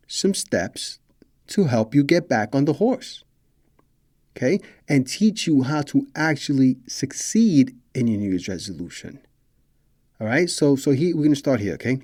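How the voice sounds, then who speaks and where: A man with a mid-range, somewhat mellow voice hosts a motivational podcast as a coach. Casual and emphatic, he speaks directly to listeners, repeats his points, poses questions to them, and swears mildly now and then.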